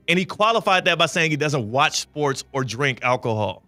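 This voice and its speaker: Bright-voiced radio host telling a story. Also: male voice, fairly high pitch, normal speed, few pauses, faint music behind. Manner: lively anecdotal telling with bursts of laughter. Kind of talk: animated storytelling on talk radio. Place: radio studio.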